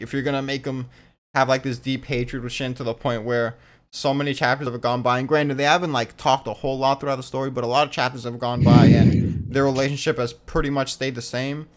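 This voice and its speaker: Animated, smooth-voiced man riffing. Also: mid-range voice. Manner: animated, swears casually, many fillers. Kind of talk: casual fan discussion.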